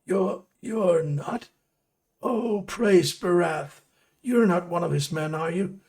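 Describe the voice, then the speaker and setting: A man's voice: high voice, takes it slowly, voice pushed up. A man with a Danish accent voicing a terrified, beaten male captive who sobs and begs for help. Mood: pleading. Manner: sobbing, begging, shaky.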